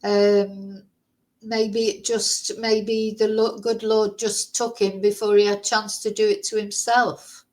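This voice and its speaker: A woman's voice: medium pitch, flat delivery, slow, a little mellow, rough recording. A woman vlogger in casual chat, thinking aloud and musing through lots of rhetorical questions.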